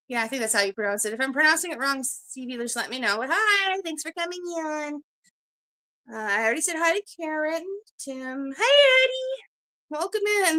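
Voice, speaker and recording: A woman's voice: high-pitched, sharp tone. A Canadian woman at home hosting a casual livestream, chatty and rambling, greeting viewers one by one with lots of fillers. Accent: Canadian English. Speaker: livestream host. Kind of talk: casual live-stream chat.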